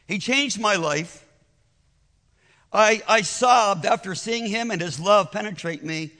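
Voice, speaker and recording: A man's voice: sits high, takes it slowly, sharp tone, big-room sound. An older man preaching a sermon in a conversational, persuasive way, telling his own story and restarting his words often.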